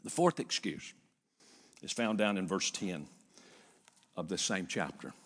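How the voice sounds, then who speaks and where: An older man preaching a sermon as pastor, retelling a story with lively repetition. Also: sits low, measured pace, in a large hall. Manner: animated storytelling with repeated phrases. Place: church.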